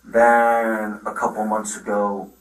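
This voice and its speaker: A middle-aged father telling the police a long, halting account with many restarts, recorded on a body camera. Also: fairly low pitch, little pitch movement. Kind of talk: recounting events in a conversation. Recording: roomy, from far off the mic.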